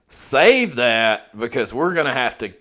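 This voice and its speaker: A man's voice: medium pitch, very animated, a little slow, bright, forceful tone. A young adult man, a guest on a podcast, telling a profane story in a casual, laid-back way.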